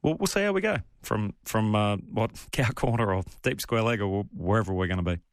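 An Australian man co-hosting a podcast in a relaxed, chatty, self-deprecating way. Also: lowish voice, fairly quick, no echo. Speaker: podcast co-host. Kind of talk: casual chat.

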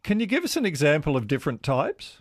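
A man hosting live talkback radio in a relaxed studio, inviting calls and gently teasing. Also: a little high, quick pace, husky, no room sound. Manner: easygoing, inviting callers, light teasing. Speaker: radio host.

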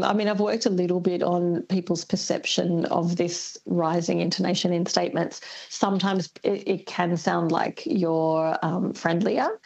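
Husky Australian woman, gravelly and thoughtful. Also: fairly low pitch, a little mellow, highs cut off. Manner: thoughtful, hesitant with many ums. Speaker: linguist guest. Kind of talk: radio interview.

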